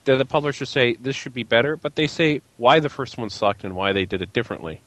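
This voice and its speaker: A man's voice: mid-range voice, fast talker, fairly bright tone, no echo. A man co-hosting a casual group podcast who teases the host in a wry way. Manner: teasing, wry.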